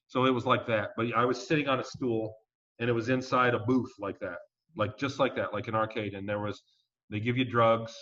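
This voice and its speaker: A man being interviewed as a guest, telling his story in a casual, animated and emphatic way and swearing now and then. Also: mid-range voice, brisk. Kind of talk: conversational storytelling. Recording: dull lo-fi audio.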